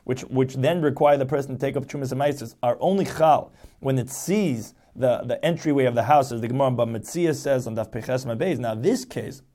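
Mellow-voiced man giving a lecture. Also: mid-range voice, fairly quick. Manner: explains step by step, rephrasing each point. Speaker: Talmud teacher. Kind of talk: lecture explaining a text.

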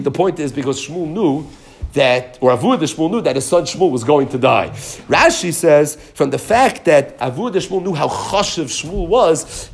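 A man giving a Talmud class, reading each line of the text, then translating it and retelling it with animated emphasis. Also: on the high side. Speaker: Talmud teacher.

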